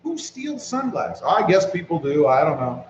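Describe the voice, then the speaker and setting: A man hosting a casual live stream, reading viewer comments aloud and greeting people by name in a relaxed way while he walks around with his phone. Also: on the high side, normal speed, echoey room, lo-fi sound, a little hiss or hum. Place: walking around outdoors.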